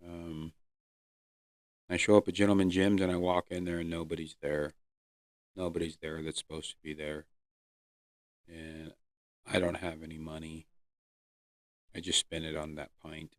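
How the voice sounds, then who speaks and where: Deep-voiced man telling a recovery story. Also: level tone, no room sound, clean studio sound. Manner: earnest, emotional storytelling with pauses and fillers. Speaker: podcast host. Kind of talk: personal recovery story, solo podcast. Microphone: close podcast mic.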